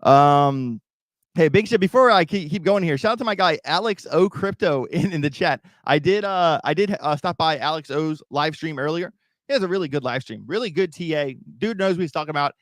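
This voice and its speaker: Guy doing casual crypto stream chat, rambly, repeats himself, kinda high voice, dry mic. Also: brisk, no room sound. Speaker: crypto YouTube host. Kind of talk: casual livestream commentary.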